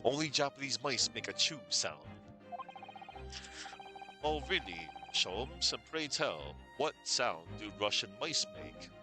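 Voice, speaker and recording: A man voicing a pompous, eccentric gentleman detective who speaks grandly, with game music behind. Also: medium pitch, big pitch swings, slow. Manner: theatrical, grandiose.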